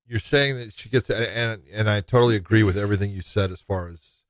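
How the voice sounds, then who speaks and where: A man co-hosting a sports podcast in casual chat, telling animated stories and laughing at himself. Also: lowish voice, fairly quick, no echo, clean studio sound. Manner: animated storyteller, acts out quotes. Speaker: podcast co-host.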